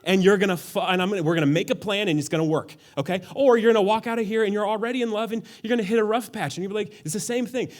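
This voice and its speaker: A young man preaching a sermon in a church, playful and animated, often acting out quoted lines in funny voices. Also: high voice, very fast, few pauses. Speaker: pastor. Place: church auditorium.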